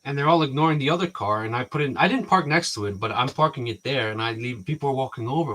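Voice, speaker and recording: A male vlogger rambles casually to his viewers in a mid-range, slightly bright voice, talking fast with hardly any pauses. He keeps restarting sentences and acts out what people said to him.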